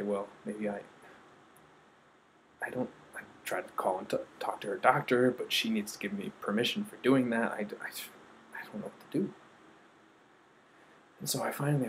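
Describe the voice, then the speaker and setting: A man earnestly telling a personal story, acting out quotes and trailing off into soft asides. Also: on the low side, a little hiss or hum, low-quality recording. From United States. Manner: earnest, quoting others with shifts of voice, trailing off softly.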